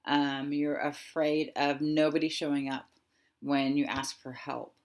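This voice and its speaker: Soft-spoken woman in her thirties. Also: low-pitched, flat delivery. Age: 30s. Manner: soft, slow and reflective, with pauses. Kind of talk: guided reflective talk.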